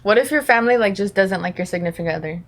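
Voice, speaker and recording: A woman's voice: mid-range voice, lively intonation, rapid-fire. A young woman co-hosting a podcast in casual chat, slangy and playful, laughing often. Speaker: podcast co-host.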